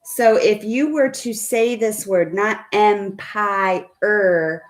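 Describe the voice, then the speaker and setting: A woman's voice: a little high, lively intonation, slow pace, warm tone. A woman teaching a phonics lesson to children over a video call, patient and coaxing, asking her students questions. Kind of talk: online phonics lesson for kids.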